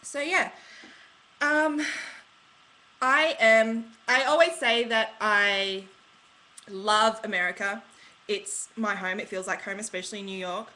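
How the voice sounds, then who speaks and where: A woman's voice: mid-range voice, takes it slowly, long pauses, sharp tone, low-quality recording. An Australian woman from Australia chatting in a casual, bubbly vlog, slangy and rambling as she talks. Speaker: vlogger.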